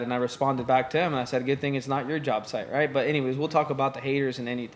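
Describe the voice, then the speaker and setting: A man hosting a casual podcast interview in a relaxed, conversational way. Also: medium pitch. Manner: relaxed, conversational, quick backchannel replies. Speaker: podcast host.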